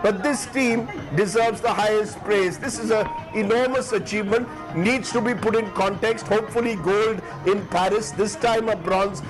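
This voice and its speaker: A man in his fifties with an Indian English accent delivers emotional live news commentary, teary-eyed and fervent, with halting restarts. His voice sits high with a steady tone, heard over music in poor audio.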